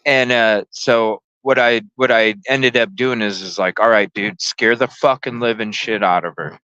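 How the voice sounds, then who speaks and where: A man's voice: lowish voice, steady tone, moderate pace, sharp tone, clear, resonant tone, no echo, highs cut off. A man hosting a podcast, telling a story casually and animatedly, swearing and acting out the voices. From lived in Chicago. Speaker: podcast host.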